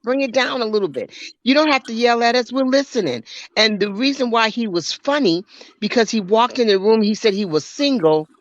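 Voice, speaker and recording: A woman speaks calmly and firmly, direct without raising her voice. The sound is dry and close. It has the dull, narrow tone of a phone stream. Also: a little high, moderate pace, no echo. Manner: calm, firm and direct. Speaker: listener on a live audio chat. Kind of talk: casual chat.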